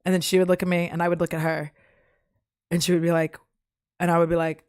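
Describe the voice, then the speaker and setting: Rambling, jokey woman with a low voice. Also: level tone, fast talker, darkish tone, dry recording, clean studio sound. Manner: jokey, rambling, fond of puns. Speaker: live streamer. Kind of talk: casual chat.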